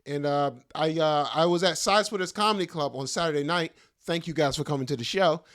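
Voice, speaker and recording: Joking man, higher voice. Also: brisk, a bit bright. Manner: joking, self-mocking, loose slangy talk with laughs. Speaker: podcast host and stand-up comedian. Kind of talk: casual rambling monologue.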